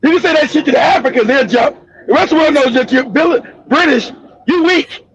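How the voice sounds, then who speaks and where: A man hosting a political commentary show, ranting angrily with profanity and bursts of shouting. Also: very high-pitched, fairly quick. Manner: angry, profane, shouting tirades. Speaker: host. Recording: dull lo-fi audio.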